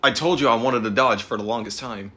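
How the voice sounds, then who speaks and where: A man's voice: medium pitch, fairly quick, sharp tone. A man with a Southern US accent co-hosting a podcast, firing off sarcastic, profane comebacks. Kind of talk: rowdy casual chat.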